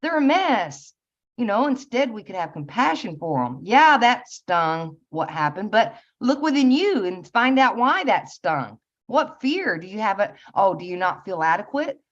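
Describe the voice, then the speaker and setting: A woman giving a casual spiritual talk, earnest and meandering, with soft laughs and many fillers. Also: medium pitch, big pitch swings, moderate pace, hardly any pauses. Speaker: spiritual channel host. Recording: slightly dull lo-fi audio.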